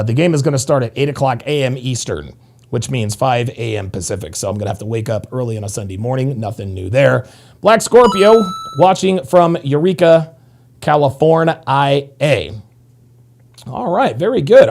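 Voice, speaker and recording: With a mid-range, darkish voice, a livestream host in his thirties keeps things casual, rambling profanely while going through the chat comments.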